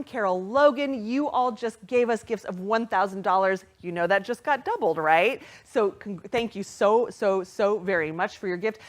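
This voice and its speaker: Woman, fundraiser host, bubbly, excitable, very animated pitch. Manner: bubbly, excitable, thanks donors by name. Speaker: gala host. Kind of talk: live-stream fundraising emcee. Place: virtual gala live stream.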